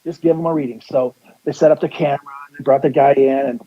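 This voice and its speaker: Fast and steady at medium pitch, a psychic guest on a radio show rambles through a story, restarting his sentences and playing out the lines of the people involved. It's a lo-fi recording.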